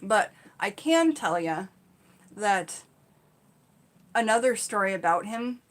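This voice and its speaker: A woman casually telling personal stories in an animated, chatty way, full of "like" and "you know". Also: medium pitch. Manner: animated, chatty, acts out her own shouts in the retelling; frequent fillers like "like" and "you know". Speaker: storytelling channel host.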